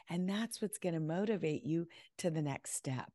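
A woman's voice: low-pitched, moderate pace, warm tone, dry recording. A woman guest on a podcast, speaking confidently and emphatically over a video call, often acting out her clients' words. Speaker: guest decluttering expert. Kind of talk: casual interview chat.

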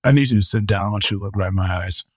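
A man's voice: fairly low pitch, very fast, dry recording, studio quality, natural voice. A man playing a stern male baseball coach who lectures a player firmly. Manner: firm, lecturing delivery. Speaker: guest.

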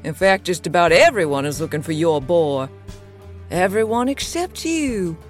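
A woman's voice: lowish voice, sing-song, moderate pace, faint music behind. Woman doing a threatening male henchman, sneering. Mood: menacing. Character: menacing male thug, cutthroat henchman.

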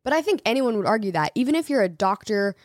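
A woman's voice: a little high, very animated, quick pace, dry recording. Chatty young woman, dry close sound. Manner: chatty, laughs often, many "like" fillers. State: pregnant. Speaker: co-host, married creator couple. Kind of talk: casual chat.

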